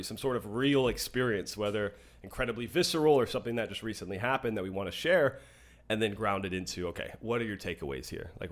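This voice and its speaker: Earnest young guy, podcast cohost, telling a heartfelt story, keeps restarting sentences. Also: on the low side. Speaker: podcast co-host. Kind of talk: casual podcast conversation.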